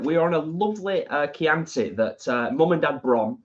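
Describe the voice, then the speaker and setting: A man's voice: a little high, animated, normal speed, hardly any pauses. A man co-hosting a casual live-stream chat, reading out viewer comments over a dull, lo-fi recording. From England. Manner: chatty, reads out comments. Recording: dull lo-fi sound.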